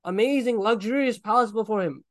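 A man preaching a sermon, retelling a story with animated acted-out voices and frequent laughs. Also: high-pitched, fairly quick, dry recording.

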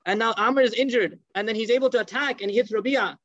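Fast, high-voiced male storyteller. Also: no room sound. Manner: animated storyteller, acts out quoted speech. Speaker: religious teacher. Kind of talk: storytelling lecture. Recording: dull lo-fi dry recording.

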